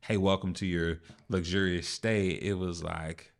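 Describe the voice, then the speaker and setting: A man hosting a business podcast, talking in a relaxed, rambling way with lots of fillers. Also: sits low, measured pace, vocal fry. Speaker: host. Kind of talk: casual podcast chat.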